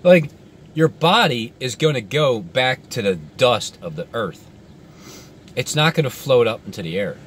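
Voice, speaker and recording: A man commentating in a sarcastic vlog, mocking doomsday alarm with exaggerated outbursts and low muttered asides. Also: expressive, a little slow, a bit bright, slight background noise. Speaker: video commentator.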